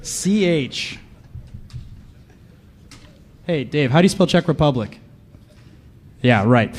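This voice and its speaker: This man's voice is a little high and a little mellow, with lively intonation; he talks slowly and pauses often, over slight background noise. Speaking on a conference panel, he gives a comedic live talk, riffing sarcastically in a mock-paranoid vein and quizzing the crowd.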